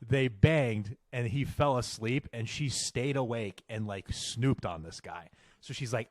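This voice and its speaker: A man's voice: mid-range voice, unhurried, dry recording, studio quality. A young man telling a story on a casual podcast, swearing often and growing exasperated as he goes on. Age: young adult. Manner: animated, swearing, exasperated ranting. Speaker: podcast co-host.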